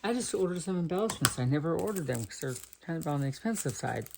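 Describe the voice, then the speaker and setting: A woman's voice: low voice, expressive, fast, creaky, noisy background. A middle-aged woman from Texas chatting casually and thinking aloud while she makes greeting cards. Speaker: card-making crafter. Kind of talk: casual crafting chat.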